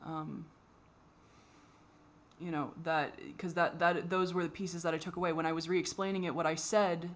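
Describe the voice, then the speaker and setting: Halting, frustrated woman with a low voice. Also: fairly even intonation. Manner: halting and frustrated, many restarts and fillers; swears when exasperated. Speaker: vlogger. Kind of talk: candid personal monologue.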